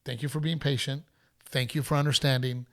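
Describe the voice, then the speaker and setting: A middle-aged man hosting a podcast, telling a story in a casual, animated way and acting out other people's voices. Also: mid-range voice, fairly quick. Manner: animated, acts out heckler voices. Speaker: podcast host.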